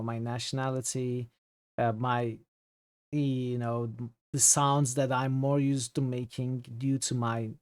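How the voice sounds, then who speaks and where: A man's voice: mid-range voice, no echo, clean studio sound. Turkish-accented man streaming a game. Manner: thinking aloud, reading chat, halting with fillers. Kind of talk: casual gameplay commentary.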